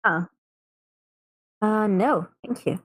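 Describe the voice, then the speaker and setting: A woman's voice: mid-range voice, extremely slow, a bit bright. A woman playing a tabletop game over a voice call mic, blunt and quizzical, swearing often. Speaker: player.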